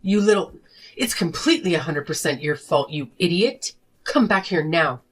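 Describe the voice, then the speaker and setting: A woman's voice: on the low side, lively intonation, moderate pace, slightly rough. A woman playing a fed-up, accusing wife. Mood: confrontational. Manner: sharp, accusing, confrontational. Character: fed-up wife and mother demanding divorce. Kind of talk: animated story voice acting.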